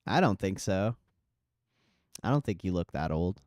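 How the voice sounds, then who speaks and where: Chill guy streaming, swearing and riffing with chat, clean smooth voice, dry close mic. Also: deep voice, a little slow, dry recording. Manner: relaxed, profane, reading chat aloud. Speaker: livestream host. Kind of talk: casual live stream chat.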